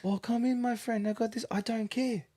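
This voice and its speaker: A man voicing a pushy, overly friendly male market trader in a high, sing-song voice. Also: fairly even intonation, moderate pace, mellow. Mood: coaxing.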